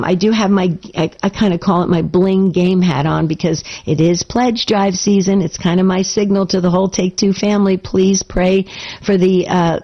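A woman hosting a live call-in radio show, her voice raspy as she recovers, chatty and urging listeners to phone in. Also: medium pitch, highs cut off.

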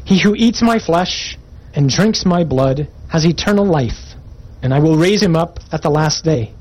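A man's voice: a little high, expressive, measured pace, a little mellow, slightly rough, poor audio. A man preaching a sermon, reading scripture aloud and commenting on it with emphatic, rising intensity.

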